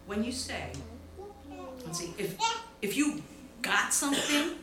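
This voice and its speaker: A woman's voice: on the high side, slow. Woman preaching, bouncy and upbeat, voice swings all over, big roomy church sound. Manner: playful, animated, affirming. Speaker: co-minister. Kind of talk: sermon talk. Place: church sanctuary.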